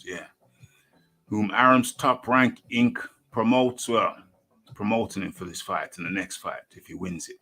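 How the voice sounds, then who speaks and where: A man's voice: fairly low pitch, slow pace, sharp tone, faint music behind. A man hosting a casual boxing talk live stream, rambling to himself and reading an article aloud. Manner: rambling, talks to himself and calls himself by name in the third person. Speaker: boxing talk show host.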